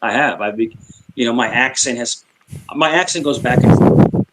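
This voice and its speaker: A middle-aged man from Queens with a New York accent, chatting casually on a stream and switching between quick talk and slow, calm speech. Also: mid-range voice, heavy background noise. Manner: chatty, with many fillers. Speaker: stream panelist. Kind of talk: casual group chat on a stream.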